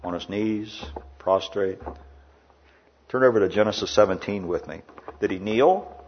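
A man preaching a sermon in a church, rising loud in the story and dropping quiet for asides. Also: lowish voice, measured pace, muffled recording, slight background noise. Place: indoor air-conditioned church.

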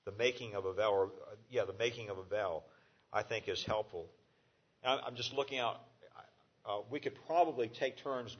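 Halting man preaching a sermon. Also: medium pitch, dull audio. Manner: conversational, halting, many fillers and restarts. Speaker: pastor.

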